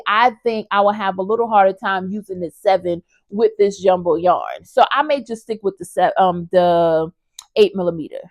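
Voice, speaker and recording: A woman vlogger with a mid-range voice, recorded dry, talks casually and enthusiastically about her crochet projects. She speaks directly to her viewers in a relaxed review-style chat.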